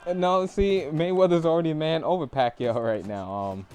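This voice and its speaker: A man's voice: on the high side, a little fast, smooth. A young man hosting a casual gaming live stream, talking boxing in a laid-back way. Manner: laid-back, breaks into laughter and loud bursts. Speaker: stream host and boxing commentator.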